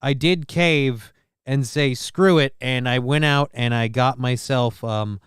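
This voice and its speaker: A man hosting his own live show in casual chat, consciously pushing his voice lower than it naturally sits, rambling and poking fun at himself with lots of restarts, into a desk mic on an arm at home. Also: fairly even intonation, slow pace, smooth, no room sound, studio quality. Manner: rambling, self-mocking, with many restarts. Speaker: livestream show host.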